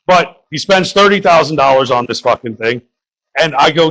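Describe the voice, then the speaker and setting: A man's voice: a little high, brisk, a bit bright, low-quality recording. A young man from the Bronx doing crude, rambling open-mic stand-up and talking to the crowd. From New York (the Bronx). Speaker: stand-up comedian.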